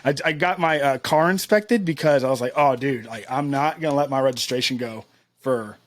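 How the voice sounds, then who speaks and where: A man's voice: medium pitch, fairly quick, dry recording. A man co-hosting a podcast, telling rambling self-deprecating stories in casual chat. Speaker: podcast co-host.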